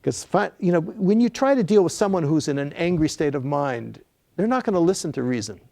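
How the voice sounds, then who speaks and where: Older man, author talk, storytelling, gravelly voice, dry close sound. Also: fairly high pitch, expressive, brisk, warm tone, dry recording. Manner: anecdotal, with frequent fillers and restarts. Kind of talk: storytelling lecture.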